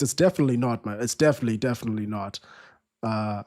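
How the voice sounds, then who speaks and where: A man with a mid-range, slightly mellow voice talks fast while hosting a live football watchalong stream. He chats casually, restarts sentences, and reads viewer comments aloud.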